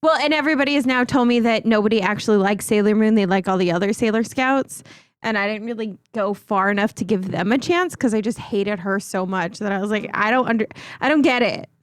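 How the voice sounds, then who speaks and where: A woman's voice: mid-range voice, a little fast, clear, resonant tone, no room sound, clean studio sound. A woman co-hosting a podcast in casual chat, teasing and bantering flirtatiously. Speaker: podcast co-host.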